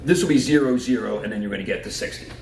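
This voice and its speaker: A man's voice: fairly low pitch, very fast, vocal fry. A man giving a conference talk, joking and quizzing the audience as he walks through his slides. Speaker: conference speaker. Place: conference room. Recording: echoey hall from far off, faint noise.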